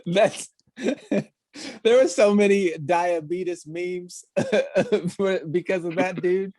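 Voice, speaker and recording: A man's voice: high-pitched, extremely slow, a little mellow, dry recording. A man co-hosting a podcast, telling laughing, profane anecdotes in casual chat. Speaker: podcast co-host.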